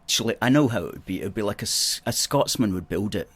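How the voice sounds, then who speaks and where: A man's voice: lowish voice, expressive, fast talker, slightly rough. A man with a Scottish accent hosting a livestream, chatting in an opinionated, rambling way, reading out viewer comments and correcting himself as he goes. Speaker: host.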